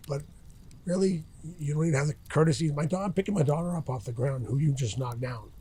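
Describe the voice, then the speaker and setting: A man's voice: fairly high pitch, fast talker, mellow, slightly rough. A middle-aged man talking casually as an interview guest outdoors by a campfire, rambling with many restarts and fillers. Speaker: interview guest, retired fighter.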